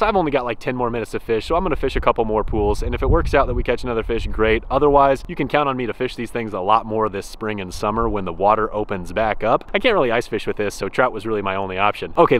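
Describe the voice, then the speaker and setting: A man hosting a fishing vlog, talking in an enthusiastic, excitable way outdoors by a snowy stream. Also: lowish voice, slight background noise. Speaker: fishing channel host.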